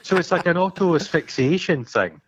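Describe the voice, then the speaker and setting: A man's voice: on the high side, animated, husky, lo-fi sound. A man co-hosting a casual film podcast, teasing and stumbling through restarts as he recaps scenes. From Scotland. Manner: halting, stammering restarts, teasing. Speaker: podcast co-host.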